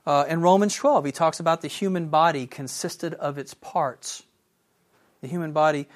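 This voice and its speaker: Animated man teaching the Bible. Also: on the high side, moderate pace. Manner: animated and enthusiastic, asks the audience questions. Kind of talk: sermon.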